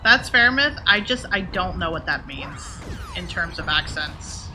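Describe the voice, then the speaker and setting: A woman's voice: fairly low pitch, animated, measured pace, over music. A woman game streamer chatting casually and answering her viewers by name. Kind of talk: casual chat while streaming.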